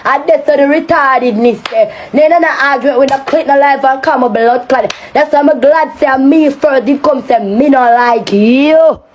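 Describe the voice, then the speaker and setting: A woman's voice: high-pitched, normal speed, few pauses, a little hiss or hum. A woman with a Jamaican accent delivering a heated, taunting rant on a live stream, cursing often.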